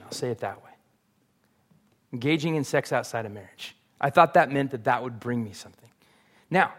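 A man's voice: on the high side, a bit bright. A man preaching a sermon as pastor, earnest and confessional, building to emphatic peaks.

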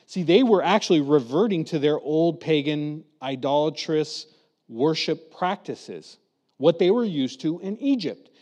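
A man preaching a lively storytelling sermon, acting out quotes in different voices. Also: a little high, a little slow, in a large hall. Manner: animated, acts out quotes with voices.

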